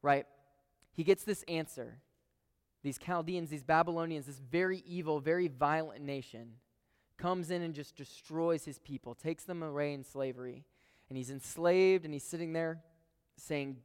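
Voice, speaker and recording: A man's voice: fairly high pitch, normal speed, clean tone, long reverb tail. A man preaching a sermon in a casual, emphatic way, talking straight to his listeners and repeating phrases for stress.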